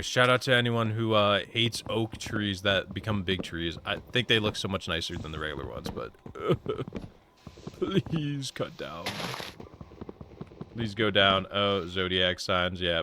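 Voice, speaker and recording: Low-voiced guy gaming on stream, chatty and rambling, a touch sore, with hiss behind. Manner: rambling, chatty, talks to chat. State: slightly sore voice. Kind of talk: casual live-stream chat while gaming.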